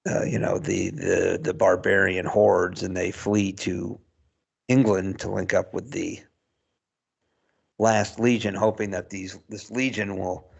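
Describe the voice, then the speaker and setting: A man's voice: sits low, flat delivery, slow, creaky, husky, dull audio. A man co-hosting a podcast, chatting casually and rambling with chuckles. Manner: rambling, chuckles through points. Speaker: podcast co-host. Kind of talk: casual chat.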